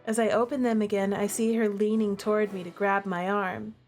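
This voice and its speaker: A young woman reading a dating-sim game aloud and reacting with excited, gushing commentary. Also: a little fast, faint music behind. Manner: excitable and gushing, with big pitch jumps. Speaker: streamer playing a dating sim.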